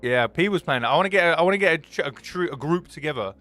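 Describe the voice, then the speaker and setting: A young man, live streaming and chatting casually with viewers, greeting them by name and telling excitable stories. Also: fairly high pitch, fast talker, soft background music.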